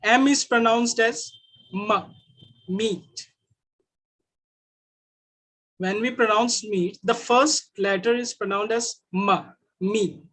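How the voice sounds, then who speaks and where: A man with an Indian English accent teaching Mandarin sounds in an online class, repeating each sound slowly. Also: high voice, a bit bright.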